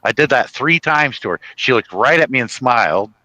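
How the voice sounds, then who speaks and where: A chatty man spins funny stories in a loose, rambling way, often laughing at himself. His voice is bright and ringing, recorded close and dry with no room echo. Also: mid-range voice, expressive, moderate pace. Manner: chatty, with many restarts and "you know". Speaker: guest telling stories. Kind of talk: casual storytelling chat.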